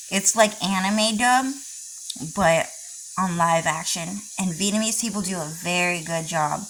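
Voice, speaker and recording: A woman's voice: lowish voice, a bit bright, slight background noise, low-quality recording. A young adult woman rambling through a personal vlog monologue, lecturing insistently and repeating herself again and again. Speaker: vlogger.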